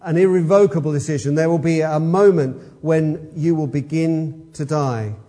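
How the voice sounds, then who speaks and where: A man's voice: fairly high pitch, normal speed, mellow. A man preaching an expository sermon, emphatic and fond of rhetorical questions.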